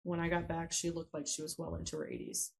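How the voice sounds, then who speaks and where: A woman with a low, gravelly voice speaks as a guest in a conversational interview. She tells her story haltingly and often pauses to search for words. Her delivery is unscripted and personal. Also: wildly swooping pitch, a little mellow, poor audio. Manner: hesitant, many pauses and fillers. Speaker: podcast guest.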